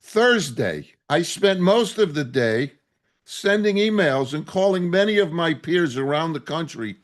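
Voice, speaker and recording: A man's voice: fairly high pitch, lively intonation, a little slow. A man preaching a sermon as a rabbi, indignant and impassioned, asking rhetorical questions.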